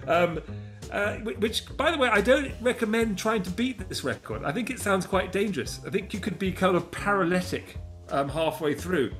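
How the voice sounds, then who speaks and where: A man's voice: high-pitched, expressive, normal speed, a bit bright, faint music behind. A man co-hosting a casual show, chatting and rambling with fillers. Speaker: podcast co-host. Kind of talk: casual chat.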